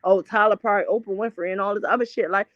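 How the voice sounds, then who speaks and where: A woman's voice: medium pitch, fairly even intonation, quick pace, no echo. A woman hosting a casual gossip chat, talking bluntly with lots of swearing and stop-start restarts. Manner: blunt and profane, rambling restarts. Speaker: host. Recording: dull lo-fi dry sound.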